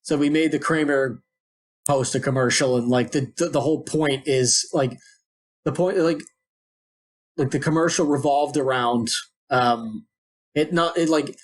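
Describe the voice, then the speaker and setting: A man's voice: mid-range voice, unhurried, long pauses. A man co-hosting a podcast, telling a long story in a rambling, digressive way. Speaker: podcast co-host. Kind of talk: casual podcast chat.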